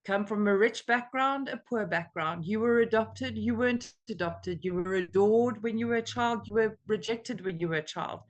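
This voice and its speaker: An American woman leading a recovery meeting on a video call, talking in an earnest, emotional and animated way. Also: mid-range voice, normal speed, hardly any pauses, muffled recording. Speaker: meeting leader.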